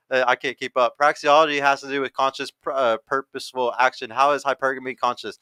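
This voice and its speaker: Brash, bright-voiced man hosting a podcast. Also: mid-range voice, flat delivery, fairly quick, smooth, no echo. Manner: brash, profane, reads out chat comments. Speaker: podcast host and dating coach. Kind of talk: casual livestream podcast chat.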